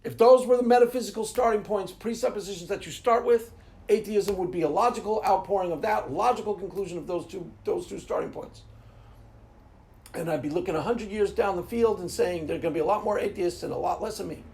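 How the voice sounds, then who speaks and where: A man hosting a Christian talk channel, speaking in an emphatic, animated monologue and laughing as he acts out little scenes. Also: high-pitched, brisk, gravelly. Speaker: Christian apologetics channel host. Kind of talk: casual monologue.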